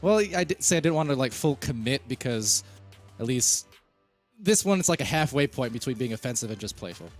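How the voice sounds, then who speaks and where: A man co-casting a live esports match, relaxed and joking, with some hesitations. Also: medium pitch, a little fast, soft background music. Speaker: esports co-caster. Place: broadcast booth.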